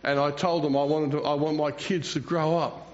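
High-voiced older pastor. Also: male voice, flat delivery, moderate pace. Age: 60s. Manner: rambling, self-mocking, chuckles between phrases. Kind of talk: sermon. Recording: dull lo-fi recording.

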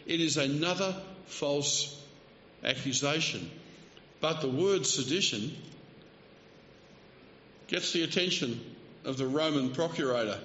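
A man's voice: a little high, measured pace, pauses often, fairly bright tone, a little hiss or hum. A male preacher delivering a sermon, telling the story vividly and acting out the quoted speech, with light asides. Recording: roomy hall, slightly dull sound.

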